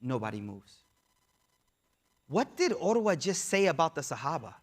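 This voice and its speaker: A man teaching as he tells a story in a lecture, animated and speaking straight to his audience, acting out the voices. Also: a little high, normal speed. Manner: animated, addresses audience directly, acts out voices. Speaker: Islamic teacher.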